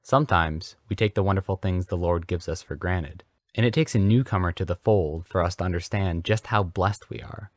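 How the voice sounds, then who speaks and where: A man's voice: sits low, a little fast, a little mellow, no room sound, clean studio sound. A man reading a story aloud as a comedic dramatic reading, in a mock-earnest way. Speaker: podcast host reading fanfiction aloud.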